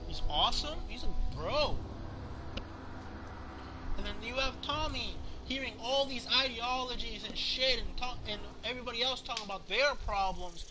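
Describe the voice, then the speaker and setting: A man giving a profane, rambling, excited rant as he reviews a movie. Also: very high-pitched, normal speed, noisy background. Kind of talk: casual rant.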